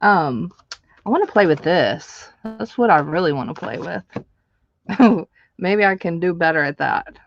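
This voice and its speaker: A woman's voice: lowish voice, animated, measured pace, vocal fry, dull audio. A woman hosting a live stream, chatting casually with viewers while she crafts, laughing often.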